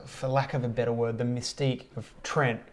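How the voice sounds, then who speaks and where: A man's voice: mid-range voice, brisk. Laid-back man, swearing storyteller. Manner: relaxed, swears often, loose rambling. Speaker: guest. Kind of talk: casual storytelling chat.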